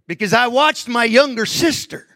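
A man preaching a sermon, emphatic, swinging between hushed stretches and raised, stressed lines. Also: very high-pitched, normal speed, creaky, no room sound.

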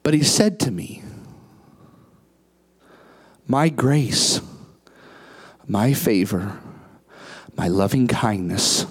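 Speaking very slowly and pausing often, a pastor poses impassioned rhetorical questions in his sermon, moving from hushed asides to shouted peaks. The voice is medium-pitched and expressive, with a breathy edge.

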